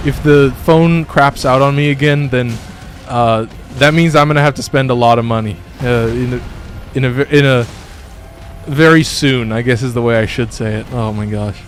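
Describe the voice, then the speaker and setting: A young man streaming a game from his bedroom, chatting with viewers and swearing at enemies mid-fight. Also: medium pitch. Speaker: gaming streamer. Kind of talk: casual live-stream commentary. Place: home bedroom. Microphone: phone.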